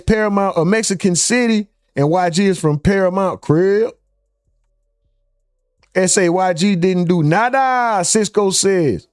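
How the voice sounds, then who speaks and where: High-voiced man reading live chat. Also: dry recording, clean studio sound. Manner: loose, joking, reads chat names aloud. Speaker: live stream host.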